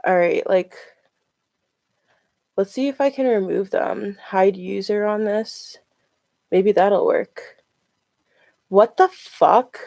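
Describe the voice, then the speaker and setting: A woman's voice: mid-range voice, slow pace, vocal fry, pauses often, mellow, dry recording. Chatty woman streaming a tarot reading. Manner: chatty, with many "like" fillers. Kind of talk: casual live stream chat.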